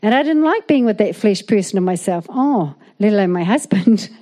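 A woman's voice: mid-range voice, fairly quick. A woman preaching a sermon, often calling out "amen?" to the congregation. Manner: animated, calls out "amen?" to the congregation. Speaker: guest preacher.

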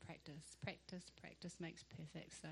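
A young woman, sharing a lively church testimony and acting out the conversations in it. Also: low-pitched, moderate pace, vocal fry, a little hiss or hum. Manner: animated storyteller who acts out dialogue with laughter.

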